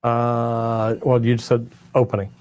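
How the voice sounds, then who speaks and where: A man's voice: medium pitch, monotone, slow pace, darkish tone, a little hiss or hum. A middle-aged man from Texas, a master plumber hosting a live stream, answering viewer comments in a friendly, encouraging way and often repeating himself.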